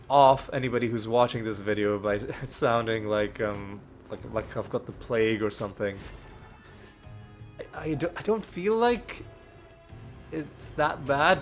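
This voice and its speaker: Let's play host, male, sick with a cold, hesitant thinking-aloud delivery over soft game music. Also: mid-range voice. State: ill with a cold, occasional coughs. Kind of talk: casual gameplay commentary. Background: faint game music.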